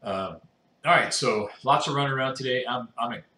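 A man's voice: medium pitch, moderate pace, sharp tone. A man chatting casually to his viewers. He rambles with many fillers, and he is exhausted and yawning. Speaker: video blogger with cancer. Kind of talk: casual chat to camera. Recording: roomy echo.

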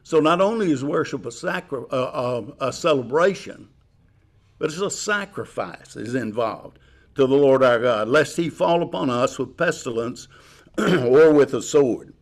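A man preaching a chapel sermon in a measured way, explaining slowly with pauses. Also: medium pitch, lively intonation. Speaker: chapel speaker.

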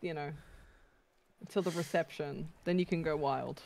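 A woman's voice: low-pitched, moderate pace, vocal fry, a little mellow, slight background noise. Playful teasing woman co-streamer. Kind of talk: live gaming stream chat.

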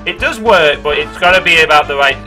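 A man's voice: fairly high pitch, animated, fast, bright, forceful tone. A man streaming a video game, thinking aloud about his moves and reacting with swearing and groans. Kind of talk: let's play commentary. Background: game music.

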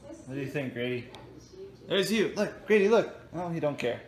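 A man's voice: a little high, expressive, moderate pace. Playful man coaxing a cat. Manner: playful, laughing, coaxing baby talk to a pet. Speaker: vlogger. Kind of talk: casual vlog talking to a cat. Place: house, basement and backyard.

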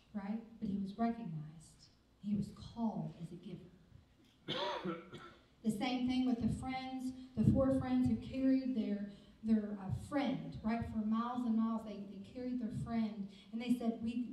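Woman pastor, middle-aged, high voice, emphatic repetitive sermon delivery, heavy church-hall echo. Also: mellow. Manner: emphatic, repetitive preaching cadence with rhetorical questions. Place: church sanctuary. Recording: echoey church hall from a distant mic.

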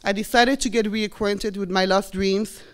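A woman's voice: medium pitch, steady tone, normal speed. Belgian woman telling a personal story. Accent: Belgian French. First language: French. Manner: earnest, reflective, acts out quoted voices. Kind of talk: live storytelling performance. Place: college stage before an audience.

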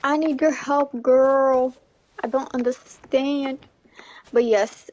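A young woman chatting casually through a gameplay livestream, giggly and chatty, squealing when something excites her. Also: sits high, takes it slowly. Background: faint game music.

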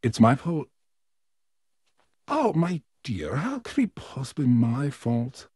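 A man voicing an evil male puppet neighbor in a fan audio role-play, smug and menacing, with a slow, theatrical drawl. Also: medium pitch, sing-song, warm tone, husky, no echo, clean studio sound, exaggerated voice. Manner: slow, drawn-out, theatrical delivery with smug laughs.

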